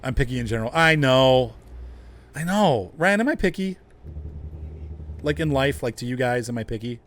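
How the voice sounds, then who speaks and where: A man's voice: mid-range voice, lively intonation, normal speed, a bit bright. A middle-aged man hosting a casual gaming livestream, chatting and chuckling as he talks to his viewers. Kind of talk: casual livestream chat while playing.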